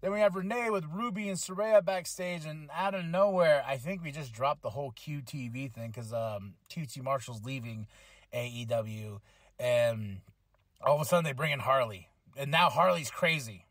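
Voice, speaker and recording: A man hosting a podcast, giving a casual, rambling, excitable recap full of fillers. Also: mid-range voice, normal speed, no echo, studio quality. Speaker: podcast host reviewing wrestling. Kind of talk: casual review chat.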